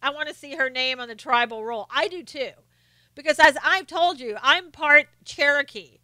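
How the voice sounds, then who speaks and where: Bright, crisp-voiced woman with faint Southern accent. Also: high-pitched, no room sound. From North Carolina, US. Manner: chatty, laughs often, slows down to mimic quotes. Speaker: live stream host. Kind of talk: casual chat reading viewer comments.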